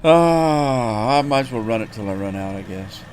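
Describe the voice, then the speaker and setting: A man's voice: sits low, fast talker, a little hiss or hum. A man streaming a farming game, telling a folksy, rambling story with plenty of fillers and restarts. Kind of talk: casual storytelling while gaming.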